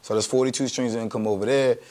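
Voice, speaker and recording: A man hosting an interview, talking in a relaxed, slangy, playful way. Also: mid-range voice, racing. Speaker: host. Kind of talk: casual interview chat.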